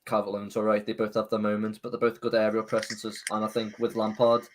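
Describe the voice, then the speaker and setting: A man's voice: fairly low pitch, completely flat delivery, fast talker. Scouse guy on a noisy line, sure of his football takes. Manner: confident, opinionated, swears casually. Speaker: caller, football fan. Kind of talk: casual football debate. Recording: noisy voice call.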